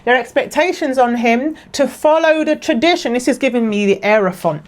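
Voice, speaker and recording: A woman giving a casual tarot reading to camera, chatty and rambling, with many fillers and restarts, emotional and quick to laugh. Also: on the high side. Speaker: tarot card reader.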